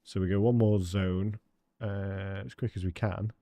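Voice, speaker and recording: Chatty English male game streamer, low voice, dry close-mic home setup, lots of laughs. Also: flat delivery, unhurried, warm tone, dry recording. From England. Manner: chatty, laughs often, calls viewers mate. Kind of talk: casual live-stream chat. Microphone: studio dynamic microphone.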